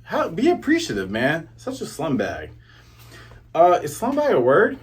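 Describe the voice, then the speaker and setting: A man reviewing a comic in casual commentary, animated, joking and acting out the characters. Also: fairly high pitch, unhurried, breathy edge. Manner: animated, jokes and acts out characters.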